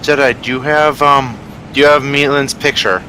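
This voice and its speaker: A man's voice: mid-range voice, steady tone, moderate pace, sharp tone, slight background noise, low-quality recording. A man, a player in a tabletop game, chatting casually over voice chat and rambling, constantly restarting and correcting himself.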